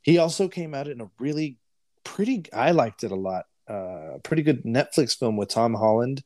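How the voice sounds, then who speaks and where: Man, podcast co-host, casual rambling chat, laughs easily, medium pitch, dry sound. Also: sing-song, moderate pace, dark tone, dry recording. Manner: chatty, laughs often, rambles between film titles.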